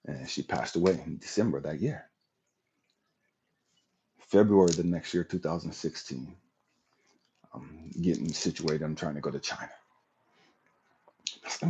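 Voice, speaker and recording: A man's voice: rumbling low, a little slow, long pauses, dark tone, lo-fi sound, a little hiss or hum. A man hosting a livestream, telling an emotional personal testimony in a raw, profane storytelling manner. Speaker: livestream host.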